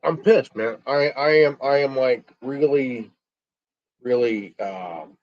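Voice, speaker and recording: A man ranting alone on his stream, angry, stumbling and repeating words, swearing and filling pauses with ums. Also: medium pitch, darkish tone. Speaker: stream host. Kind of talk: angry solo rant. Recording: dull lo-fi stream audio.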